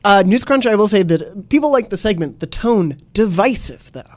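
A young man hosts a casual podcast chat, telling stories with lively energy and laughing often. His voice sits a little higher than most men's. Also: normal speed. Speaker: podcast host.

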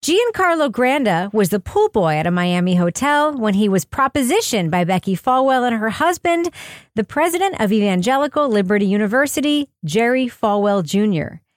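A woman hosting a podcast, upbeat and quick to laugh as she introduces her guests. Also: fairly high pitch, very animated, dry recording, studio quality. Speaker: podcast host. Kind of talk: casual chat.

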